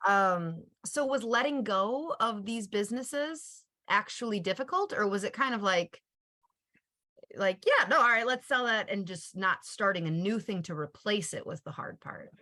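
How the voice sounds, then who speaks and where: A woman's voice: mid-range voice, measured pace, sharp tone. A woman hosting a podcast who asks long chatty questions and laughs easily. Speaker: podcast host. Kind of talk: casual interview.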